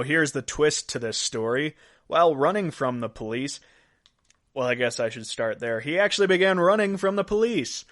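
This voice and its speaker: A man's voice: mid-range voice, fairly bright tone. A man hosting a podcast, reading out weird news stories in a casual way and laughing at his own jokes. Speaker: podcast host.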